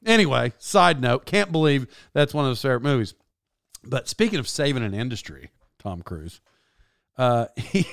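A man's voice: medium pitch, clear, resonant tone, dry recording, clean studio sound. A man on a rambling comic rant, sarcastic and often cutting himself off to restart. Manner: sarcastic, self-interrupting, stumbling restarts. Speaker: comedic commentator.

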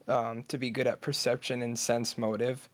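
A man's voice: medium pitch, level tone, moderate pace, dry recording. A man chatting casually as a player in a tabletop game.

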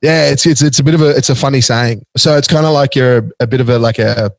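Australian man, halting casual chat, dry sound. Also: mid-range voice, vocal fry, no echo. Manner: halting, many fillers and restarts.

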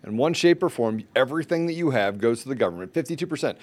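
A man hosting a podcast interview, animated and laughing often. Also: mid-range voice, fast. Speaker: podcast host.

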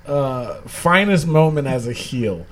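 A man's voice: medium pitch, big pitch swings, slow. A man hosting a casual wrestling recap chat, rambling and laughing often as he talks. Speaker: podcast host.

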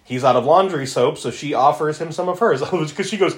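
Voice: mid-range voice, fairly quick, reverberant. A podcast co-host retelling movie scenes in a casual, giggly way, laughing often. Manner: giggly, animated storytelling with frequent laughs. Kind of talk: casual movie-review chat.

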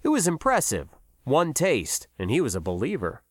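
A man narrating a science fiction story in a measured, expressive way. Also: medium pitch, no room sound, studio quality. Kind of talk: audiobook narration.

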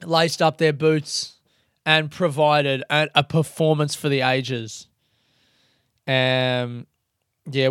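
A young man hosting a podcast in casual, rambling chat, swearing freely and getting excitable. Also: medium pitch, smooth, dry recording, clean studio sound. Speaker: podcast host.

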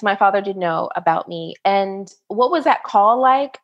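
A woman interview guest from the United States, telling a personal story in an animated way and acting out the quoted voices at a higher pitch.

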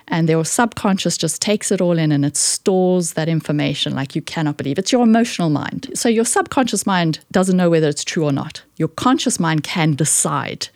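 Brief: emphatic woman guest, lower voice, dry recording, coaching tone. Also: darkish tone, no room sound. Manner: emphatic, swooping up in pitch for stress. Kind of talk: animated coaching talk.

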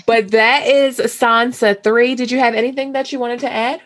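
A woman's voice: fairly high pitch, fairly even intonation, moderate pace, a bit bright. Blunt, casual woman podcast host. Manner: blunt, casual and profane, drifts into character voices.

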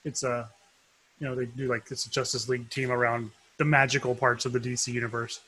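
A man's voice: medium pitch, flat delivery, a little fast, pushed and bright, breathy edge. A middle-aged man co-hosting a podcast in casual chat, rambling and chuckling as he goes. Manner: rambling, chuckling, self-interrupting. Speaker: podcast co-host.

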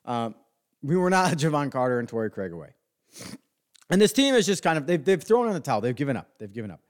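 A man hosts a sports podcast in a ranting monologue. He is sarcastic and profane, full of fillers, and his pitch swings widely as he works himself up. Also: very animated, fast. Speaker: podcast host.

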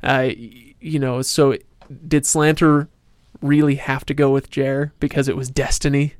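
A man's voice: mid-range voice, little pitch movement, unhurried, clean tone, dry recording. A man hosting a casual book discussion podcast, steering the talk with questions and dry self-mocking jokes. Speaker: podcast host.

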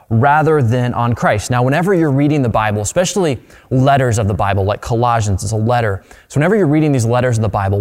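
Male pastor, conversational sermon, mid-pitched, lots of restarts, long hall echo. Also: darkish tone. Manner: conversational preaching with many restarts.

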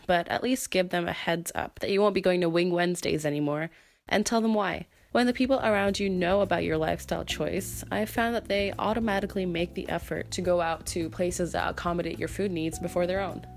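A woman's voice: on the low side, steady tone, fairly quick. A young woman hosting her own podcast, reading a scripted monologue in a chatty, earnest way, her voice nasal from a cold. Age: young adult. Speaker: podcast host.

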